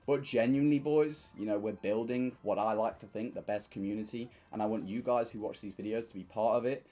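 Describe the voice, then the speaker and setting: A young man casually commenting while playing online slots, bursting into excited shouts at wins. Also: lowish voice, brisk.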